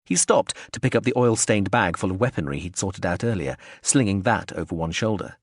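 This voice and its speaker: Low-voiced man narrating an audiobook. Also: fairly quick, husky, no room sound, studio quality. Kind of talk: scripted narration.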